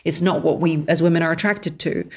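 A woman's voice: sits low, steady tone, brisk, a little mellow. A woman hosting a solo advice podcast, talking in an emphatic, blunt and sardonic way. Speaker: podcast host.

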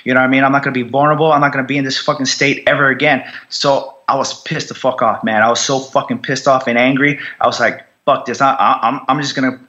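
A man's voice: medium pitch, flat delivery, fast talker, few pauses, pushed and bright, dull audio. A man telling his story as a podcast guest, raw, blunt and heavily profane. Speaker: podcast guest, combat veteran. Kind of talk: candid interview storytelling.

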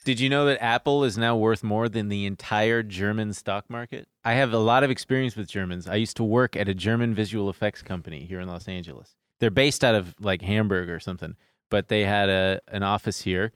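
A man co-hosting a casual comedy podcast, telling stories in quick, animated bursts. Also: on the low side, clean tone, dry recording, clean studio sound. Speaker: podcast co-host.

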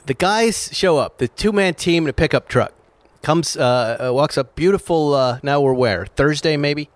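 A man with a slightly high voice tells a casual story in a very dry, close sound. He talks animatedly, laughs often and puts on voices for the people he quotes. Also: moderate pace, dry recording. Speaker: host.

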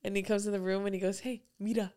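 A woman's voice: mid-range voice, completely flat delivery, racing, mellow, clear, resonant tone. A young woman in casual chat, talking loosely with lots of "like" and frequent laughter. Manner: chatty, heavy use of "like", laughs often.

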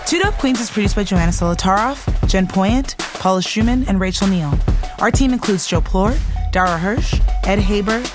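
A woman hosting a podcast, reading the show's credits in an even, list-like way. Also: mid-range voice, normal speed. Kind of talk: scripted credits read-out. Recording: voice over strong background music.

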